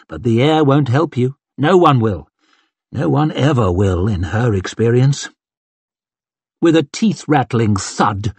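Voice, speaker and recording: A man narrating a fantasy audiobook in a measured, dramatic storytelling manner. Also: mid-range voice, a little mellow, breathy edge, no echo. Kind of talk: scripted narration.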